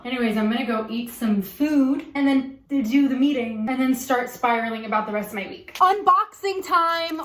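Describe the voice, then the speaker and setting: A young woman with a slightly high voice talks straight to camera in a casual vlog. She is sarcastic and swears freely, and her voice bounces around a roomy, echoey home office. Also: a little hiss or hum. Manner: sarcastic, swears freely, laughs between lines. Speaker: vlogger and actress.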